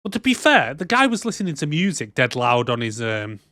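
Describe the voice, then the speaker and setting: A man's voice: medium pitch, big pitch swings, fairly quick, pushed and bright, no echo, clean studio sound. A man, co-hosting a casual movie roast podcast, laughing often as he recaps scenes. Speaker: podcast co-host.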